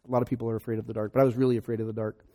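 A man's voice: mid-range voice, flat delivery, very fast. A middle-aged man preaching a sermon in a conversational way, acting out quoted voices in his stories. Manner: conversational, acts out quoted voices, drops to soft prayer. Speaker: pastor. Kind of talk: sermon with storytelling and prayer.

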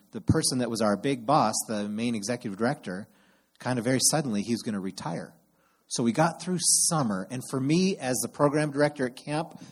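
Husky-voiced man telling animated sermon stories. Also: medium pitch. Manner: animated storyteller who acts out exasperated outbursts. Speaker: camp program director preaching.

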